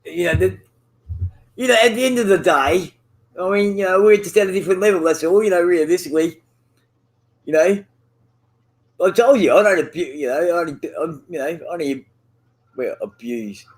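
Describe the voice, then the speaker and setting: A high-pitched man chatting with a friend while gaming. He rambles, trades insults and swears in nearly every sentence, circling back through fillers as he goes. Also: moderate pace, pauses often. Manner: profane, rambling, teasing. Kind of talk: casual banter over voice chat.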